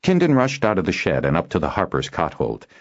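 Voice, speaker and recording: A man reading an audiobook aloud as narrator, in a steady storytelling delivery. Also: low-pitched, brisk, dull audio. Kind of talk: scripted narration.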